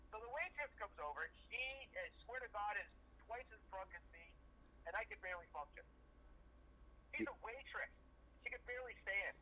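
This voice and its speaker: A man's voice: high-pitched, lively intonation, moderate pace, long pauses, sharp tone, low-quality recording. A man co-hosting a podcast, telling a long, profane, rambling bar story in casual chat. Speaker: podcast co-host.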